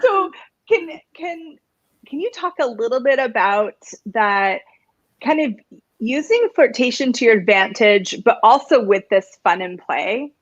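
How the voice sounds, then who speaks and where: An enthusiastic woman hosts a casual chat, bubbly and quick to laugh, her voice a bit high. The sound is dry and muffled, with little room and dulled highs. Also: lively intonation, no echo. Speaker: host.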